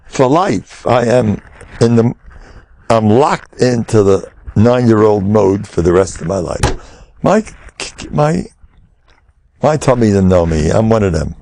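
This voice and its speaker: Older man, rabbi, humorous Torah lecture, lively swinging pitch, gravelly voice, acts out dialogues. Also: unhurried, a little hiss or hum. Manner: animated, joking, acts out dialogues. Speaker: rabbi giving a lesson.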